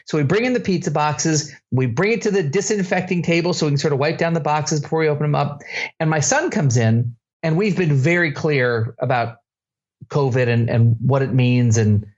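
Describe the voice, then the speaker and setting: A man co-hosting a comedy podcast, telling a story in casual chat and breaking into shrill, shouted quotes of himself. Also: moderate pace, lo-fi sound. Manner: animated storyteller, jumps to shrill shouting when quoting himself. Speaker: podcast co-host.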